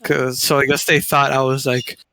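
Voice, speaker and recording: A young man in casual chat, halting and repeating words as he searches for his phrasing. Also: mid-range voice, flat delivery, pushed and bright, dry recording, poor audio.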